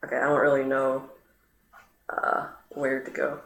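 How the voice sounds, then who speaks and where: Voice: completely flat delivery, measured pace, gravelly, fairly bright tone. Rambling streamer in an echoey room. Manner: rambling, many fillers, sudden pitch jumps. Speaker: streamer playing the game. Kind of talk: casual chat over gameplay. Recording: roomy echo, faint noise.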